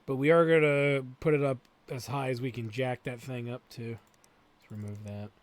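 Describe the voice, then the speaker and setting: A man's voice: medium pitch, steady tone, moderate pace, no echo. A man hosting a let's play, thinking aloud as he plays and swearing freely. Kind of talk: gameplay commentary.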